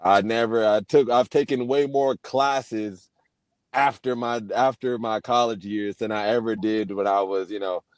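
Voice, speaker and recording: A man's voice: fairly low pitch, fairly even intonation, a little slow, no room sound. A young man, a guest on a video call, talking candidly and reflectively, often restarting his sentences. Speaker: guest, Paralympic swimmer. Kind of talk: casual interview over video call.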